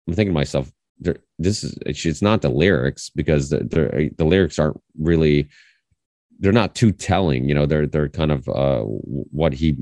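Very deep-voiced man, rambling host. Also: dry recording. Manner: rambling, animated storytelling with many restarts. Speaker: podcast host. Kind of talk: casual conversation.

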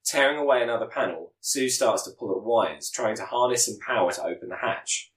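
A man reading out a scripted plot pitch as a podcast co-host, sometimes stumbling and correcting himself. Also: fairly quick, fairly bright tone, echoey room, poor audio. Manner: reads with stumbles and self-corrections.

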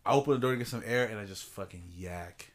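A man's voice: on the low side, quick pace. A man co-hosting a casual podcast, telling a profane party story with lots of laughter and acted-out quotes. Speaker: podcast co-host. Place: room at home.

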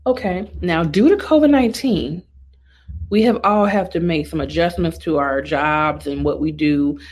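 A low-voiced woman makeup artist delivers a casual, sassy opinion rant straight to her viewers. She speaks at a moderate pace and stays animated throughout.

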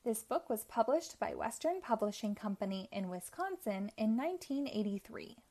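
A woman hosting a children's storytime, reading a picture book aloud with slow, clear and expressive narration. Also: a little high. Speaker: storytime host.

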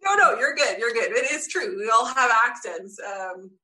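A woman guest in a casual interview, telling lively stories and acting out what people said. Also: a little high, moderate pace. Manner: lively storyteller, acts out quotes. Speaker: podcast guest.

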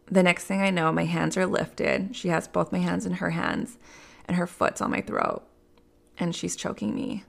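A woman's voice: lowish voice, vocal fry. A woman telling her life story in an interview, talking candidly with lots of "like" and "you know.". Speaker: interview guest. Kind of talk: personal storytelling in conversation.

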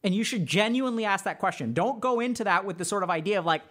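A man's high-pitched, expressive, slightly bright voice moves fast as he hosts a podcast as a mental health doctor. He gives casual relationship advice in an earnest, chatty manner loaded with fillers.

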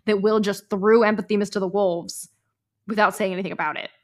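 A woman hosting a book-club podcast, chatting excitedly and reading narration aloud. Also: mid-range voice, brisk. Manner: chatty, filler-heavy, excitable. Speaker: podcast host.

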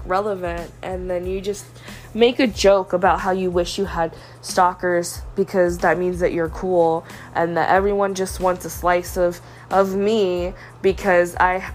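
A young woman hosting a podcast, confiding a personal story in a hurt, frustrated way. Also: lowish voice. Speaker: podcast host. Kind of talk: personal venting monologue.

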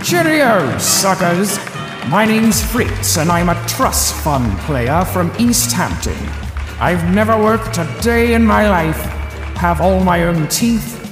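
An actor playing a pompous, boastful young rich aristocrat in an audio drama. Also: male voice, high-pitched, very animated, slow, echoey room, long reverb tail, music in the background, exaggerated voice. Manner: snooty, boastful showman.

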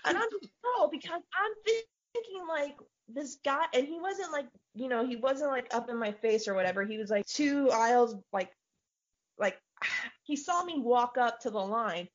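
A woman co-hosting a podcast, casually chatting and telling animated stories with frequent swearing. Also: on the high side, moderate pace. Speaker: podcast co-host. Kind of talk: casual chat. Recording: dull lo-fi audio.

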